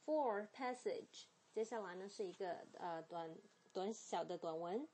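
A woman teaching English pronunciation in a clear lesson style, modelling words and sounds slowly and repeating them, with explanations in Mandarin. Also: mid-range voice, lively intonation, a little mellow.

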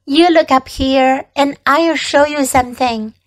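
A woman voicing a calm, kindly spider. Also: sits high, a little slow, rough recording. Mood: gentle. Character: wise kind female spider, gentle and calm.

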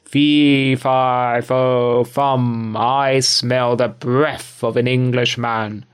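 An older man voicing a huge wicked male giant in a storybook, crying out loud and slow. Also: flat delivery, smooth. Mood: menacing. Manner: loud booming cries.

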